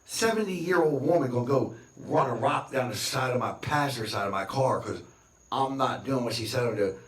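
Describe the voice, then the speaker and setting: A male vlogger with a medium-pitched voice speaks to camera at a moderate pace in a rambling, boastful, repetitive rant. The recording sounds roomy, as though he is distant from the mic.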